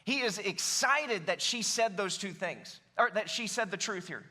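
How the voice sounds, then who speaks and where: Bright, high-voiced animated preacher. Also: male voice, moderate pace. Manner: animated, emphatic, addresses congregation directly. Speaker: pastor. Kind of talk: sermon. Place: church sanctuary.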